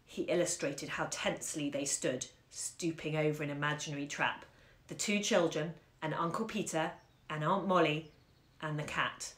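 A woman hosting a bookshop series reads a short story aloud at home into a phone, animated and acting out the action. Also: low voice, normal speed. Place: room at home. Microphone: phone on a live stream. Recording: roomy echo.

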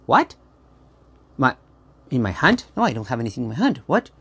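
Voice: mid-range voice, very animated, fast talker, creaky, fairly bright tone, husky, dry recording. A children's performer telling a playful story straight to a young audience, teasing them and building suspense. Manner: teasing, makes a show of suspense; talks directly to an unseen audience.

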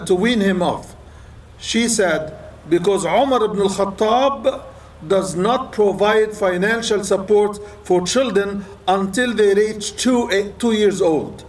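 A man, an imam, preaching a sermon with impassioned storytelling, retelling old accounts. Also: high-pitched. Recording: distant mic with faint room noise.

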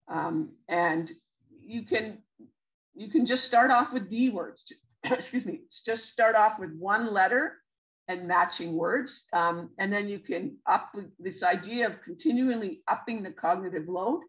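Canadian woman, educator presenting a webinar, mid-range pitch, patient explanations full of fillers. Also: measured pace, low-quality recording. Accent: Canadian English. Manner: explanatory, many fillers and restarts.

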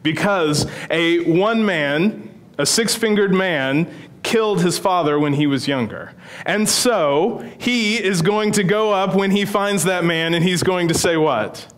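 A man's voice: high-pitched, measured pace. A middle-aged male pastor preaching a sermon in a church, telling a story in a conversational, humorous way. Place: church sanctuary.

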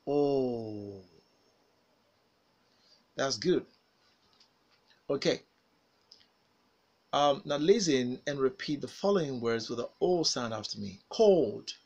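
A man teaching phonics, saying single words and sentences slowly and carefully for learners to repeat. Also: medium pitch, expressive, a little mellow, husky, dull audio. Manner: slow, carefully enunciated single words with pauses for repetition. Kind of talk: pronunciation drill lesson.

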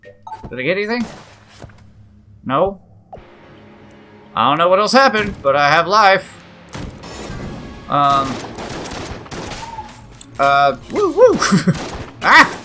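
Excitable, lively, bright-voiced gaming man. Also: high voice, slow pace, pauses often, soft background music. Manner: excitable, swears and yelps at the game. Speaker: gaming channel host. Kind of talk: let's play gameplay commentary.

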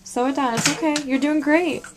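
Encouraging woman coaching calm breathing. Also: high-pitched, brisk, crowd noise.

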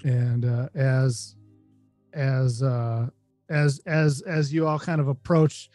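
A man narrating a tabletop game as game master, halting and restarting as he talks. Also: mid-range voice, level tone, dark tone, dry recording. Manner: halting, many fillers and restarts. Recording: dry close mic, faint music.

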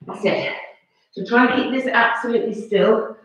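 A woman fitness instructor coaching a workout class with brisk, encouraging commands and counts. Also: on the high side, fairly bright tone. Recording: very echoey, distant, dull-sounding room recording.

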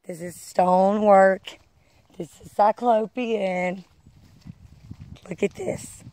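Excitable woman vlogging on a trail. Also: on the low side. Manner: breathless exclamations, keeps urging viewers to look. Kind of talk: excited walking vlog. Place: outdoors on a wooded hillside trail. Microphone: phone held while walking.

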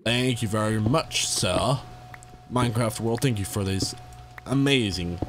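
A man's voice: on the low side, unhurried, fairly bright tone, slight background noise. A young man giving casual, playful commentary as he plays a game, talking to the creatures he meets. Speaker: gamer.

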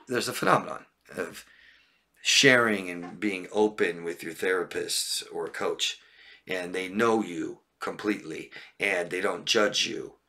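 A man's voice: low voice, vocal fry, pushed and bright. A man coaching on relationships during a live stream, reading viewer questions and answering bluntly, often checking in with "right?" and "okay?".

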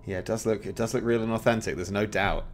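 Chatty male streamer, fairly low voice. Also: steady tone, fast talker. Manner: chatty, laughs often. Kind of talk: casual chat while gaming.

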